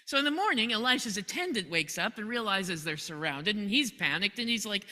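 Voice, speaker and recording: Bright-voiced woman pastor storytelling. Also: mid-range voice, expressive, fairly quick, hardly any pauses. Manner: conversational storytelling, chuckles often. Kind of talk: sermon. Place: church. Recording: long hall reverb.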